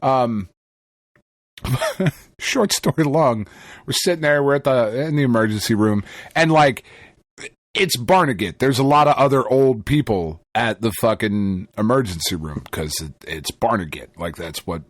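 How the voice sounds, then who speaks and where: Animated, profane New man. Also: medium pitch, measured pace, no echo, studio quality. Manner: profane, animated storytelling with laughter. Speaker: podcast co-host. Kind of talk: casual chat.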